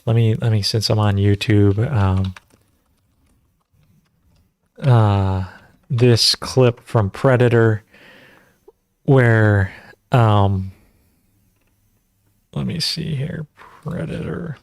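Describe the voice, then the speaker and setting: A man's voice: fairly low pitch, very slow, vocal fry, long pauses, a little mellow, no echo. A man hosting a casual livestream Q&A, rambling and conversational, full of fillers as he teaches natural farming.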